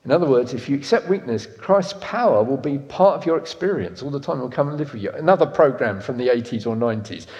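Animated preacher in an echoey hall. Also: male voice, medium pitch, fast, hardly any pauses, highs cut off. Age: 50s. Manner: animated, swinging from loud emphatic to soft and intimate. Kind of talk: sermon.

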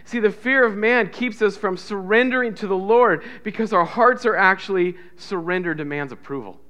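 A man preaching a sermon as pastor, swinging between loud emphatic repetition and soft hushed lines, and leading the congregation in call-and-response. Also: high-pitched, normal speed, dull audio. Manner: builds to loud emphatic repetition, drops to soft near-whispers.

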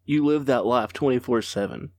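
A man's voice: mid-range voice, normal speed, no echo. A man chatting casually on a podcast, dropping dry wisecracks. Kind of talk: casual comedic chat.

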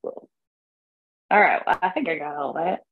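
A woman's voice: low voice, takes it slowly, husky, phone-quality sound. A woman player chatting casually at a tabletop game, self-deprecating and talkative.

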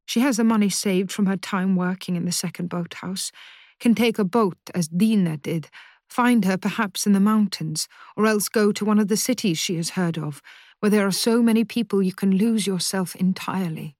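A woman reading a novel aloud in a measured, even narration. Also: mid-range voice, no echo, clean studio sound. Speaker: audiobook narrator. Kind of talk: scripted narration.

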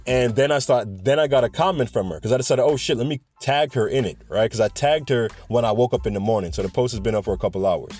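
A man's voice: medium pitch, darkish tone. A man hosting a podcast in a casual, rambling monologue, drifting off topic and chuckling often. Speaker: podcast host.

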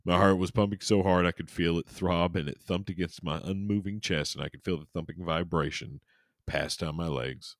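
Brief: male podcast host, deep voice, dry close sound, rambly and jokey. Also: steady tone, normal speed, dry recording. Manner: rambling and jokey, with many restarts and crude asides. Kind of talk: casual chat and reading aloud.

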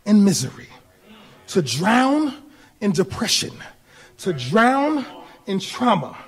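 A male pastor preaching a sermon, building from quiet talk to shouted appeals with laughter in between. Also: high voice. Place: church.

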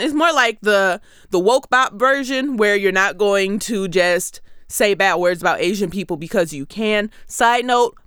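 A young woman in her twenties from Michigan riffs sarcastically through a comedy monologue, lively and conversational. Her voice is smooth and crisp, recorded dry and close with no room around it. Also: mid-range voice, no echo. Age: 20s. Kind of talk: comedic monologue about song lyrics.

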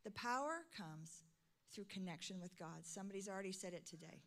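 A middle-aged woman pastor preaching a sermon, swinging from soft, intimate lines to loud, emphatic calls. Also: medium pitch, expressive, a little fast, vocal fry.

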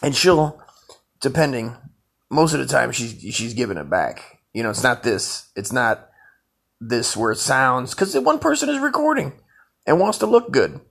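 Man, stream host, crude reaction commentary, profane, raspy, gravelly, lively pitch. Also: normal speed. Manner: loose, profane, animated, laughing asides.

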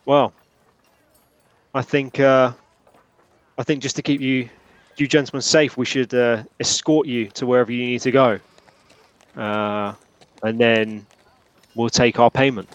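A man's voice: mid-range voice, fairly even intonation, unhurried, pauses often, no room sound, lo-fi sound, close to an everyday voice. A man voicing a stern, burly helmeted city guard with a put-on Cockney accent, ingratiating and menacing.

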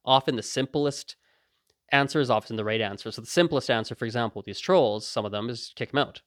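A man's voice: medium pitch, fast talker, dry recording, studio quality. A man hosting a podcast, talking casually and acting out the voices of people in his stories. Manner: animated, acts out quoted voices, laughs often. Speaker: podcast host. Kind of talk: casual monologue.

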